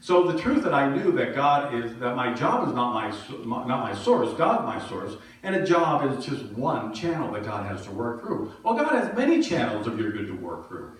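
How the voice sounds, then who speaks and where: A man's voice: mid-range voice, very animated, normal speed, hardly any pauses, distant mic. Man preaching in an echoey hall. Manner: conversational storytelling, self-deprecating humor. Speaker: minister. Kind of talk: sermon. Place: church sanctuary.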